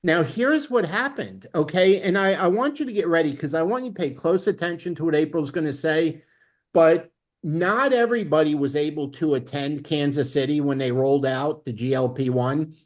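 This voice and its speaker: A man with a fairly high voice and a moderate pace delivers a motivational talk as leader of a network marketing training. Emphatic and excitable, he bursts into laughter and keeps dropping in "okay?"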